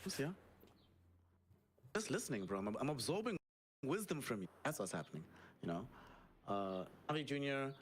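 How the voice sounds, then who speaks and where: A man's voice: medium pitch, sing-song, normal speed, pauses often, a little hiss or hum. Laid-back man co-casting a game. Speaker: co-caster. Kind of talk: casual esports draft analysis.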